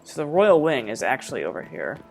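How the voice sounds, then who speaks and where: A man's voice: mid-range voice, big pitch swings, a little fast, creaky, faint music behind. A young man giving casual gameplay commentary, thinking aloud and swearing now and then. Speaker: gameplay streamer.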